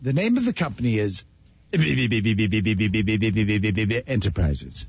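A man's voice: mid-range voice, wildly swooping pitch, a little fast, darkish tone, slightly rough, dry recording, heavily acted. A man voicing an odd, stammering male businessman prank caller who mumbles beeps in place of numbers. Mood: insistent. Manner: mumbles beep sounds in place of numbers and stutters. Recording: dull phone-call archive.

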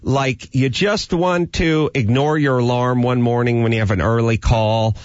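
A man's voice: medium pitch, measured pace, dry recording. A male radio host telling an exasperated comic story about his household and then interviewing a guest by phone. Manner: animated storytelling, acting out exasperated quotes. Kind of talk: comedic rant and phone interview. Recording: dull lo-fi radio sound, dry.

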